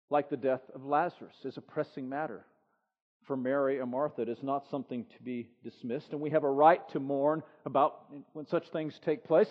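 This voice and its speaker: A high-voiced male pastor preaches a sermon in an echoing hall, the recording dull and lo-fi. He is emphatic, repeating phrases and asking rhetorical questions.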